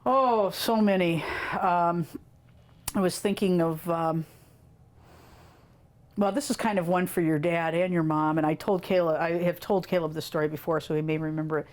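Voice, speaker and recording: A woman with a somewhat low-pitched voice recalls family memories in an interview. She tells her stories animatedly, laughing often and mimicking the children she describes. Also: fairly even intonation, normal speed, a little mellow. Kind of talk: casual storytelling in an interview.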